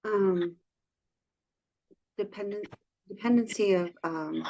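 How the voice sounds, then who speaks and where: A woman's voice: mid-range voice, slow pace, mellow, highs cut off. A woman taking part in a video-call ritual, speaking hesitantly with many fillers. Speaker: ceremony participant.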